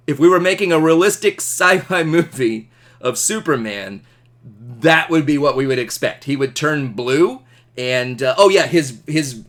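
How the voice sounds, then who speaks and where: A man teaching an astronomy class, animated and jokey, asking questions. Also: medium pitch. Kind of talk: classroom lecture.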